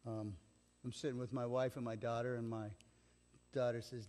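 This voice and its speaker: A man's voice: mid-range voice, flat delivery, normal speed, pauses often, darkish tone. A middle-aged man preaching a sermon as pastor, telling stories in a casual, conversational way and acting out the people he quotes. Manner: conversational storytelling, acts out quotes. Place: church sanctuary. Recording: long church reverb.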